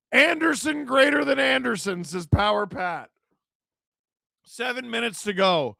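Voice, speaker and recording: A man, hosting a live hockey watch-along, calling the play and reading chat with jokes and shouts at big moments. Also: very high-pitched, a little slow, creaky, dry recording, studio quality. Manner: excitable, shouts at big plays, jokey.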